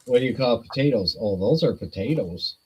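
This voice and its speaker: A man's voice: mid-range voice, animated, brisk, a little mellow, slight background noise, rough recording. A man and podcast co-host, joking around with profane banter in casual chat.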